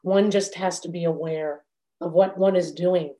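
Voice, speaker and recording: A woman meditation teacher giving a dharma talk in a measured, reflective way, with long pauses. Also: fairly low pitch, fairly even intonation, dark tone.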